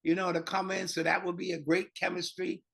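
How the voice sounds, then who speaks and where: A man being interviewed as an author guest, speaking in a playful, halting way with restarts. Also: high-pitched, flat delivery, vocal fry, bright, forceful tone, husky. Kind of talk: casual interview talk.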